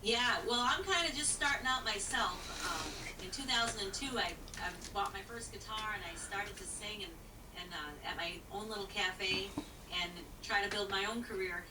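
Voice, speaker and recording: A woman's voice: medium pitch, moderate pace, roomy sound, distant mic, background noise. A woman who is a singer, talking in a folksy, plain-spoken way with many fillers while being interviewed. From rural country. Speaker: singer and guest. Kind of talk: casual interview answers.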